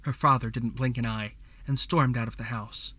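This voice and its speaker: A man narrating a fantasy story as a scripted audiobook reading, in a measured storytelling manner. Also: medium pitch, fairly even intonation, bright, forceful tone, no echo.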